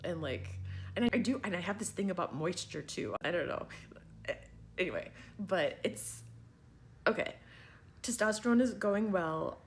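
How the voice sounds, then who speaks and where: Speaking a little slowly and pausing often, a trans man vlogger chats casually to camera in a high-pitched voice with lively intonation. His talk to viewers rambles, stays wry, and is full of laughter, over slight background noise.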